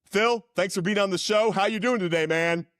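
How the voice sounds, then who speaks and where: A man co-hosting a podcast in casual chat, excitable and quick to say dude and man. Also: high-pitched, dry recording, clean studio sound. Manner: lively and excitable, calls people dude and man. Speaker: podcast co-host. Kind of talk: casual talk show chat.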